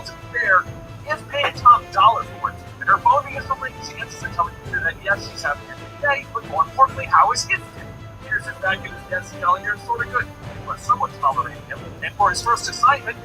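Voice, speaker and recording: Guy recapping a cartoon episode super fast and bouncy, high voice, loud music underneath. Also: poor audio. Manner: animated storytelling with quoted lines. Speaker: narrator. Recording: voice over loud background music.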